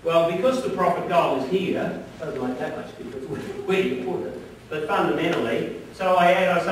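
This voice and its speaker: A man's voice: on the high side, normal speed. A man presenting a live business seminar, chatty and often checking in with his audience. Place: seminar room at an arts centre. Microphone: distant room mic. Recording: very echoey hall from far off, faint noise.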